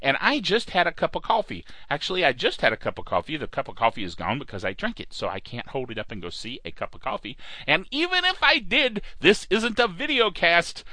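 A man's voice: a little high, huge pitch swings, brisk, few pauses, sharp tone, no echo. A man hosting a podcast in casual, rambling chat, joking and drifting off track before finding his way back. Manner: jokey, wanders off track and back. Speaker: podcast host.

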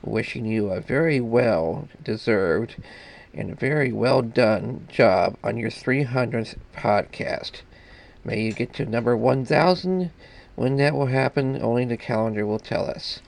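A man leaves a short message for a podcast in a slow, deliberate way. His voice is gravelly, with a lot of fry. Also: mid-range voice, rough recording. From Akron, Ohio. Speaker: caller. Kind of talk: recorded congratulation message.

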